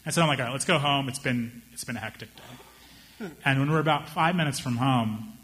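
A young man doing stand-up storytelling, animated and acting out the people in his story with raised voices. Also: mid-range voice, fast talker. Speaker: stand-up comedian.

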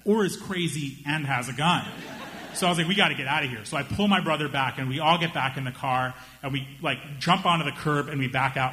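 A young man doing stand-up storytelling, animated and acting out the people in his story with raised voices. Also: on the high side. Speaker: stand-up comedian.

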